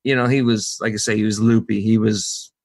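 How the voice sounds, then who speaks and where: Rambling podcast host telling a story. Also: male voice, fairly even intonation, fairly quick, gravelly. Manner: rambling anecdotes, acts out quoted voices higher. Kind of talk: casual storytelling chat.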